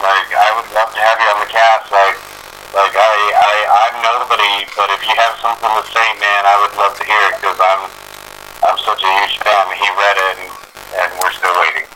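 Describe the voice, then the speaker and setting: A man's voice: on the low side, sharp tone, a little hiss or hum, low-quality recording. A man hosting a casual podcast, talking in an earnest, rambling way and swearing. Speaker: podcast host. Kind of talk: casual chat.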